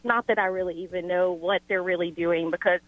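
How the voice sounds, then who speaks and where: A woman's voice: lowish voice, fairly even intonation, brisk, no room sound. A woman calling in to a radio show, telling a complaint in a rambling, exasperated way with lots of "like". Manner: exasperated, filler-heavy storytelling. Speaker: caller. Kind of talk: casual call-in chat. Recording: tinny phone line.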